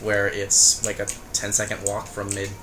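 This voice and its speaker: A man's voice: fairly low pitch, completely flat delivery, normal speed. A young man co-hosting a casual gameplay chat, rambling and hesitant with frequent restarts. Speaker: co-host.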